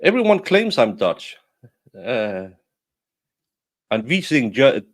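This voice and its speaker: A man from Denmark with a Danish accent, hosting a casual livestream chat over a video call, halting with many fillers and restarts. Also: mid-range voice, very animated. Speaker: livestream host.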